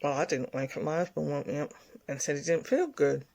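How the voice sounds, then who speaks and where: A woman casually telling a personal story in an animated way, repeating words for emphasis. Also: deep voice, fairly quick, creaky.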